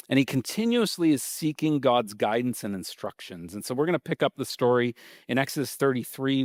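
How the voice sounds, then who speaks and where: A male pastor preaching a sermon in a casual, conversational way, reading scripture aloud and then explaining it with lively reactions. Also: medium pitch, dry recording, studio quality. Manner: animated and conversational, acting out reactions.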